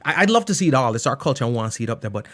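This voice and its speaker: A man's voice: medium pitch, very animated, rapid-fire, a bit bright. A man hosting an online music show, chatting casually and keeps asking "you know what I mean". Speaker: online radio show host. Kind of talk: casual chat.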